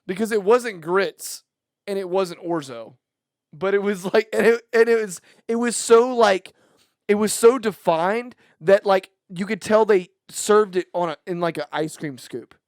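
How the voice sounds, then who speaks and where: A podcast co-host in casual chat, rambling and halting as they describe a meal, laughing often. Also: medium pitch, darkish tone, dry recording, clean studio sound.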